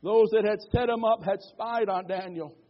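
A man's voice: sits high, moderate pace. A male pastor preaching a fervent sermon in a church, calling for amens and building to repeated declarations. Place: church sanctuary. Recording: dull lo-fi church recording.

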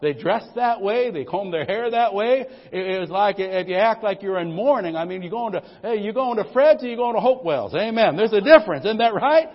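A middle-aged man preaches with a high-pitched voice and lively intonation, moving a little fast with hardly any pauses. This pastor's sermon in the church sanctuary is folksy and funny, told through stories and peppered with "amen." Dull lo-fi sound and long reverb mark the recording.

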